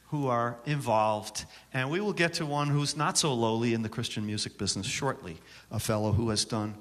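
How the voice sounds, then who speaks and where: A man's voice: mid-range voice, fairly bright tone. A man from Syracuse, New York, presenting a songwriting workshop at a conference, joking and bantering with the audience. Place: conference hall with a live audience. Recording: long reverb from a hall.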